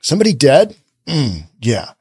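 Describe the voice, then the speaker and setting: Male podcast host, sarcastic and animated, lively slightly high voice. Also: normal speed, slightly rough, no echo, studio quality. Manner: sarcastic, animated, repeats himself. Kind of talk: casual commentary reading news aloud.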